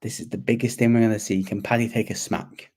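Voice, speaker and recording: A man co-hosts a casual sports podcast, talking in an animated, rambling way. He often repeats himself as he builds a point. His voice is mellow and warm at a middle pitch. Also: fast talker, husky. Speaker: podcast co-host.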